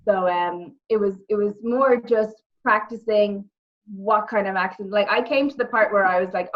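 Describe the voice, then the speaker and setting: A woman's voice: medium pitch, moderate pace. Dublin woman with muffled lo-fi sound. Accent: Dublin Irish. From Ireland. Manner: animated storytelling, repeats words, acts out quotes. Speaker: interview guest, former wrestler and actress. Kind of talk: casual interview chat. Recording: muffled lo-fi audio.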